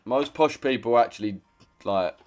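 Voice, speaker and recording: A man's voice: mid-range voice, moderate pace, darkish tone, soft background music. A man in his twenties with a London accent, chatting casually on a trading livestream, blunt and slangy, swearing freely as he answers chat. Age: 20s. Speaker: trading streamer.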